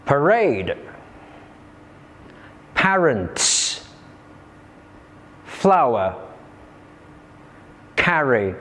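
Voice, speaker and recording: A man teaching English pronunciation in a slow, careful, clearly articulated scripted lesson. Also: on the high side.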